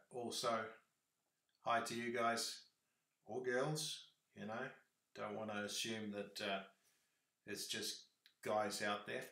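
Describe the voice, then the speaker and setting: A man's voice: fairly low pitch, gravelly, pushed and bright, roomy sound. A man with a New Zealand accent chatting casually on a livestream, rambling with lots of fillers.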